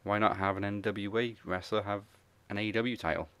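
A man's voice: on the low side, steady tone, brisk, fairly bright tone, clear, resonant tone, no room sound. A man hosting a casual wrestling podcast, often laughing as he runs through the list of picks. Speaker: podcast host.

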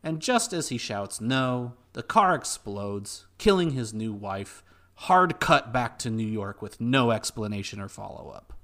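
Man calmly recapping a movie plot. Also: medium pitch, measured pace. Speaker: podcast co-host. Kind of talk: casual movie recap chat.

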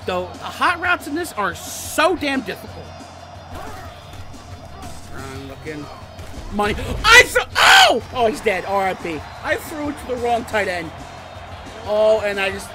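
A young man narrates his football video game like a play-by-play caller, his high voice leaping all over the place. He talks in loose slang and bursts into shouts when a play goes right or wrong. Music plays clearly underneath him. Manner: shouts and yelps at big plays, casual slang. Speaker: gaming YouTuber. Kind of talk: excitable play-by-play gaming commentary. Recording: music playing behind.

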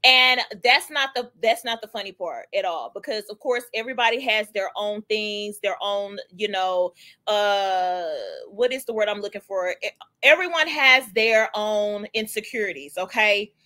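A woman's voice: mid-range voice, normal speed, sharp tone. A young woman hosting a casual gossip livestream, chatting animatedly and greeting viewers in the chat. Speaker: livestream host.

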